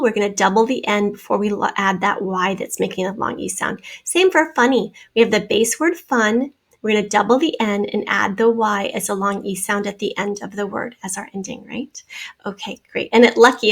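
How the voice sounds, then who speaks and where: A woman's voice: medium pitch, a bit bright. A woman teaching a spelling lesson, patiently sounding out words and letters as she draws on the screen.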